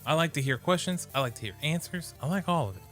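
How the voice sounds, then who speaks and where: A man's voice: a little high, animated, fast, a bit bright, faint music behind. A man co-hosting an anime podcast, talking casually in a loose, rambling way. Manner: rambling, hesitant with fillers. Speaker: podcast co-host. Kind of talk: casual chat.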